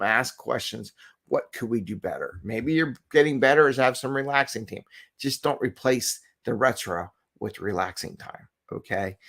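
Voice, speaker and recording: A man's voice: mid-range voice, gravelly, a bit bright. A middle-aged man hosting a casual live show from home, talking earnestly and rambling, with repeats and small laughs. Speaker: agile coach and show host. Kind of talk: casual live-stream talk. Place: home, with a cat nearby.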